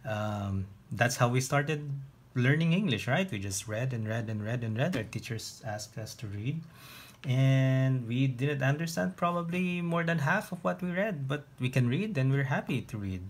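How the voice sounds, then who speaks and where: A man teaching an online lesson, explaining step by step with patient pauses and restarts. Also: mid-range voice, expressive. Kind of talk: online lesson on reading biblical Greek.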